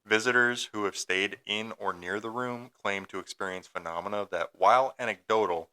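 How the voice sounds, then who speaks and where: Deep-voiced young man reading a ghost story. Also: normal speed, sharp tone, clear, resonant tone. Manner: reads a script with stumbles, then jokes and laughs. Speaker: podcast co-host telling a ghost story. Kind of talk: casual podcast storytelling, reading notes.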